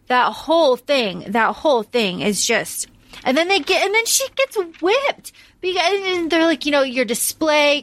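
A woman's voice: on the high side, a bit bright, no echo. A woman co-hosting a podcast, chatting casually about a film, emphatic and swearing freely with lots of restarts. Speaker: podcast co-host. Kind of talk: casual film-discussion chat.

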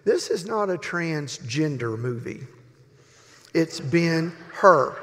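A man in his sixties, a pastor, giving a sermon as humorous, folksy storytelling with long pauses. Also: on the high side, lively intonation, a bit bright. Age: 60s. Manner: folksy, joking, drawn-out pauses. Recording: reverberant hall.

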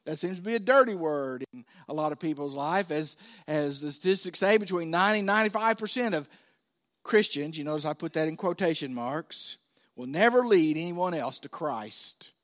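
A male pastor preaching a sermon, swinging between loud emphasis and hushed asides. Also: a little high, animated, normal speed.

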